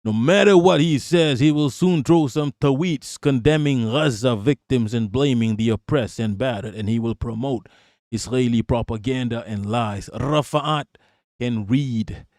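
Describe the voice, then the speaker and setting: A man's voice: mid-range voice, measured pace, darkish tone, dry recording, clean studio sound. Heated, profane male streamer. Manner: heated, profane, repeating for emphasis. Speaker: streamer reacting to political clips. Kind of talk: live-stream commentary.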